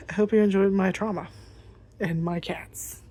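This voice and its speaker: A woman's voice: mid-range voice, steady tone, slow pace, slight background noise. A woman vlogger telling a casual storytime rant, rambling and swearing freely with lots of fillers.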